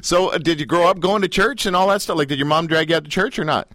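A man's voice: a little high, quick pace, no echo. A man hosting an interview, joking around and stumbling over his own questions. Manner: jokey, animated, stumbling restarts. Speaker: host. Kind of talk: casual radio interview.

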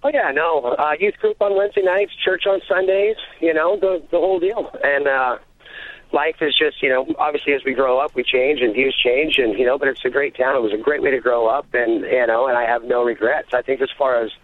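A man's voice: medium pitch, fairly even intonation, a little fast, no room sound. A man in his thirties, a fishing deckhand, talking casually as a guest on a phone interview, full of fillers and easygoing. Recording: phone line.

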